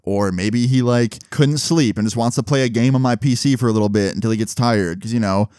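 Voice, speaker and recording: A young man spins a story for his viewers in a bare, dry-sounding space, his voice sitting at an ordinary middle pitch. He gets animated as he goes, swears freely and keeps tossing rhetorical asides straight to the audience. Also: a little fast, smooth, no room sound. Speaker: storytelling vlogger. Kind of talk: casual storytime monologue.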